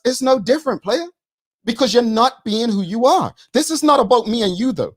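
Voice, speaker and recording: A man, co-hosting a studio talk show and arguing his point quickly and emphatically, repeating words. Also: extremely high pitch, expressive. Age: 40s. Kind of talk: studio debate.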